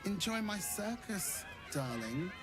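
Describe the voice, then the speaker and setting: Theatrical necromancer ringmaster, game character, high lively voice, dramatic drawl, circus music behind. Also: male voice, slow pace, background noise, exaggerated voice. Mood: grandiose. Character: flamboyant male ringmaster necromancer, theatrical and cutting.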